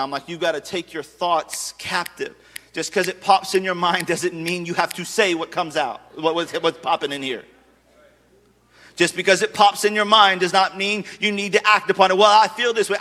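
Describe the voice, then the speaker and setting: A man's voice: on the high side, bright, forceful tone. A man in his thirties preaching a sermon as a pastor, conversational and humorous, slipping into acted asides. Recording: long reverb of a large hall.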